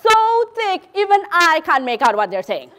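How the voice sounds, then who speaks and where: A young woman from Malaysia performing a spoken word monologue on stage, sarcastic and lively, growing quiet and solemn. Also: extremely high pitch, normal speed. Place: theater stage.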